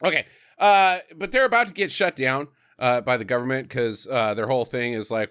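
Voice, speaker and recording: A man's voice: mid-range voice, brisk, fairly bright tone, clean tone. A man co-hosting a casual movie-review podcast. He swears freely, laughs often and fills his talk with "like.". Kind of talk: casual chat.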